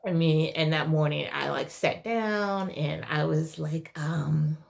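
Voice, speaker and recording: A young woman telling a heartfelt personal story in a halting, tearful way, her voice at times dropping to a whisper. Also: sits low, gravelly. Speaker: vlogger sharing a personal story. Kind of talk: emotional personal testimony.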